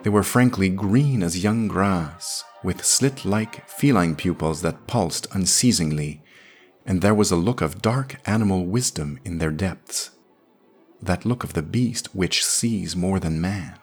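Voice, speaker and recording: A man reading a classic science fiction story aloud in a measured, descriptive storytelling manner. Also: low voice, husky, soft background music. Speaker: podcast narrator.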